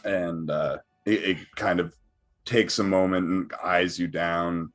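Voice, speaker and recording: Game master, male, very low voice, rambling, casual. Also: fairly even intonation, takes it slowly, soft background music. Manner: rambling, filler-heavy narration with many restarts. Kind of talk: narrating a tabletop game.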